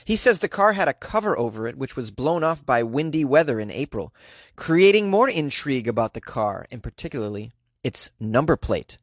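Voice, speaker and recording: A man's voice: medium pitch, very animated, normal speed, no room sound, clean studio sound. A man hosting a show, reading offbeat news stories aloud and breaking in with sarcastic, jokey asides and laughter. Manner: sarcastic, jokey, laughs at his own bits. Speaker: host.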